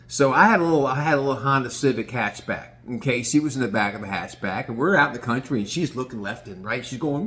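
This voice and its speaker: A man telling a casual story in an animated, swearing manner. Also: mid-range voice, fast, few pauses. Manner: animated, swearing, lots of restarts. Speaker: vlogger.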